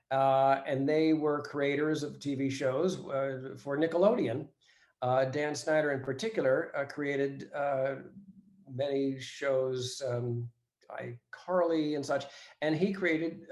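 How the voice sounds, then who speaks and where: A man actor reminiscing in a casual interview, speaking in a measured way with frequent pauses. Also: medium pitch, darkish tone. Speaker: actor guest. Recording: roomy echo.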